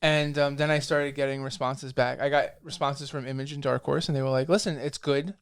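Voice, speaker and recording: A comic book writer in a casual interview, telling lively stories and acting out the people he quotes. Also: medium pitch, a little fast, smooth. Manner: animated storyteller, acts out quoted dialogue.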